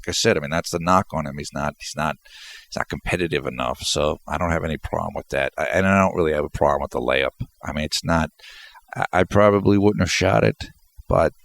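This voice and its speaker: A man's voice: very deep voice, fast, creaky, fairly bright tone. A congested man rambling through a solo basketball post-game commentary, often restarting his sentences. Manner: rambling, repeats words and restarts.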